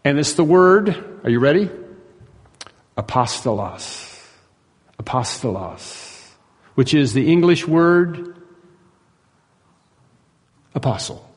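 A man's voice: fairly high pitch, normal speed. Emphatic preacher man, hall reverb. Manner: emphatic, swings between soaring and hushed. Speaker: pastor. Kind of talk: sermon.

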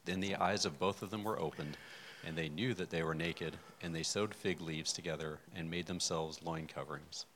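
A man from the class reading a scripture passage aloud in a steady, even way. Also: deep voice, moderate pace, a little hiss or hum, low-quality recording.

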